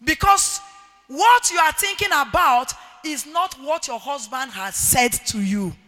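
A middle-aged woman with a Nigerian accent, preaching an emphatic sermon to women with shouted, sing-song rises. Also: sits high, animated, unhurried, soft background music. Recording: reverberant hall.

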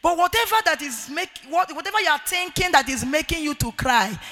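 A middle-aged Nigerian woman preaches to a women's gathering, her voice very high and intensely bright. She shouts emphatic points and slides into sing-song cadences. The sound rings with the long reverb of a large hall. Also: expressive, brisk. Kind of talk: sermon to women.

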